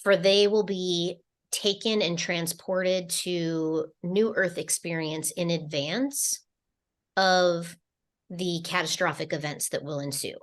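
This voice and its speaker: A woman speaks slowly and unhurriedly on a spiritual podcast, relaying channeled messages. Her voice sits a little low. She meanders through her thoughts with many fillers and restarts. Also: fairly even intonation. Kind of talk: casual spiritual podcast talk.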